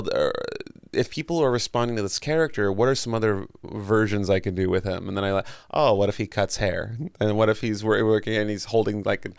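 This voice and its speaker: A man's voice: fairly low pitch, clear, resonant tone, no echo. A man chatting as a guest in an interview, rambling with many restarts and casual swearing. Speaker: guest, comedian and voice actor.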